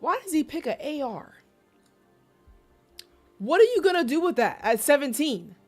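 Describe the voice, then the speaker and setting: Animated woman streamer, slightly high voice. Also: moderate pace, faint music behind. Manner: animated storyteller, slangy, exclaims loudly in disbelief. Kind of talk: casual live-stream chat.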